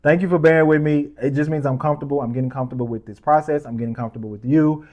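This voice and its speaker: A man hosts a commentary show about current events. He talks with heated, rising emphasis and drops into casual asides. His voice sits at an ordinary middle pitch. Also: warm tone, muffled recording. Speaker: podcast host. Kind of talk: opinionated news commentary.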